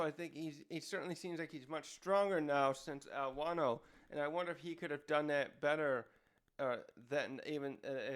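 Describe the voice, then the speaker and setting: A man hosting a casual review who rambles and keeps restarting his sentences. His voice sits a bit high for a man. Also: fairly bright tone, clear, resonant tone. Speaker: host.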